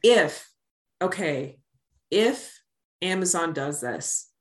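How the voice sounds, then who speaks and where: A woman co-hosting a casual sports podcast, quick and blunt with wry asides. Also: lowish voice, lively intonation, reverberant. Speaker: podcast co-host.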